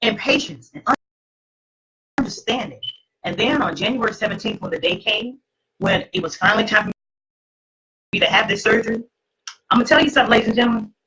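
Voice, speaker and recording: A middle-aged woman, host, telling her personal testimony to an audience in an emphatic, preacherly way, with a husky voice. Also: on the high side, huge pitch swings, fairly quick, pauses often, fairly bright tone, slight background noise, rough recording.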